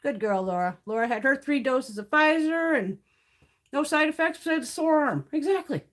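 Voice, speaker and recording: A brash middle-aged woman hosting a casual livestream chat. Her voice sits a little high and swings widely as she vents, swearing freely and laughing between points. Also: normal speed. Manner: blunt, profane, animated ranting with laughs. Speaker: beauty livestream host. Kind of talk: casual chat while reading live comments.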